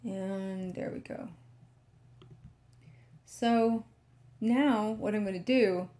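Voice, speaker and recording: Slow, mellow-voiced woman tech vlogger. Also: mid-range voice. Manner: talks to herself while working, relaxed and chatty. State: sleepy, yawning. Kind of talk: casual screen walkthrough.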